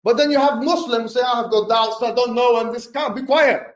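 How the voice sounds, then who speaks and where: A man giving a heated, scornful lecture, hectoring and sometimes shouting. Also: very high-pitched, steady tone, fairly quick. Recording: roomy, dull lo-fi clip.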